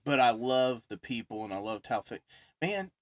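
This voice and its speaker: A man hosting a podcast in casual chat, telling animated, rambling stories full of fillers. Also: medium pitch, normal speed, no room sound. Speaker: podcast host.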